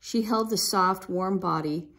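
A woman reading a children's book aloud in a gentle, expressive way. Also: fairly low pitch, unhurried. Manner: gentle, expressive, lifts her voice for a young girl's lines. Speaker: storybook reader.

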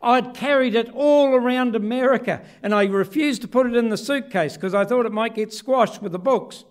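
A middle-aged man from New Zealand preaching a sermon in church, telling a story and acting out the voices with big swings in pitch and loudness. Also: normal speed. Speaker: pastor.

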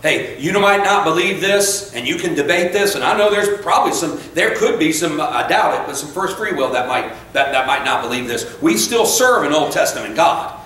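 A man preaching a sermon in a church, fired up and conversational, breaking off into quick asides and correcting himself. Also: a little high, lively intonation, a bit bright. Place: church sanctuary. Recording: very echoey church room, voice from far off, faint noise.

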